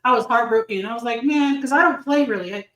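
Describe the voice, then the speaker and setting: A middle-aged woman hosts a casual podcast interview in a bright, high voice. She is chatty and playful and laughs easily. The room lends her voice a roomy echo. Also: fast. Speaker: podcast host.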